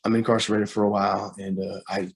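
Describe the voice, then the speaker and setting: A young man recounts a painful episode from his past as a guest. His voice sits low and moves little in pitch, and he halts, restarts and leans on fillers, sounding shaken and close to tears. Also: little pitch movement. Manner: halting, with many fillers and repeated starts. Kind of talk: personal story in an interview.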